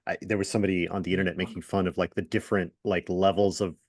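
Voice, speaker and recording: A man in his forties hosting a casual interview, talking in a rambling, halting way with frequent restarts and laughs. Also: deep voice, flat delivery, darkish tone, no room sound, studio quality. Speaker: podcast host. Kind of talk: casual nostalgic interview chat.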